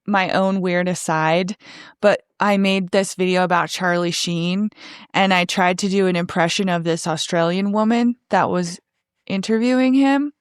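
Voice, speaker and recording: A woman with a smooth, clear voice co-hosts a casual podcast chat. She tells stories in a chatty, wry manner. The sound is dry and close. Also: fairly low pitch, steady tone, normal speed, no echo. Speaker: podcast co-host.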